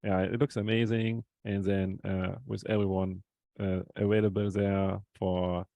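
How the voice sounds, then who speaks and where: A man's voice: low voice, flat delivery, unhurried, gravelly, warm tone, no echo, muffled recording. A man speaking as a podcast guest, hesitant and searching for words with frequent "uh"s. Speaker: guest coach. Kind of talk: casual podcast chat.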